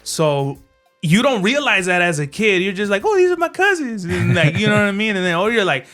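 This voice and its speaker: Young man, higher pitch, smooth clear voice, podcast guest, casual slang, faint music. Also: expressive, brisk, fairly bright tone. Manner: laid-back, slangy, hesitant restarts. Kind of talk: casual chat.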